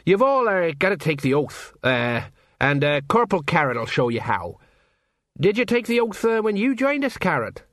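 A man's voice: on the high side, big pitch swings, moderate pace, a bit bright, no echo, studio quality, pitched above the performer's own voice. A man voicing a flustered, pompous middle-aged watch sergeant who talks in a hesitant sing-song. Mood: uncertain.

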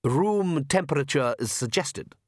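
A man voicing a pompous, cheerful vampire count who speaks slowly and genteelly, in an audiobook reading. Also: a little high, animated, no room sound, clean studio sound. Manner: slow, genteel, self-satisfied.

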